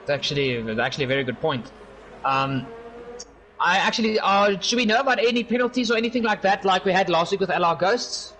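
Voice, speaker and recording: A young man giving casual, chatty race commentary, giggling and breaking off with quick apologies. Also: sits high, lively intonation, bright, forceful tone, slight background noise. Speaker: sim racing commentator.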